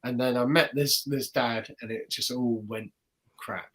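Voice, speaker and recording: A guy on a podcast telling a long story about a gig, lively, keeps slipping into other people's voices, mid pitch. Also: a little slow. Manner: animated, acts out the voices of people in his stories. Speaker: guest magician. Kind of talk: casual storytelling.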